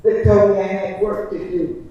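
A woman's voice: medium pitch, fairly even intonation, normal speed, warm tone, highs cut off, a little hiss or hum. A woman giving an impassioned church testimony as a licensed preacher, with a preaching cadence and emphatic repetition. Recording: echoey church from a distance.

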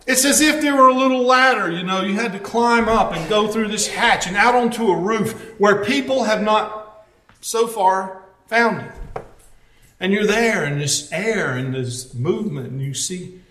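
High, bright-voiced male pastor preaching. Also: measured pace, roomy sound. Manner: storytelling, wry asides. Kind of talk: conversational sermon.

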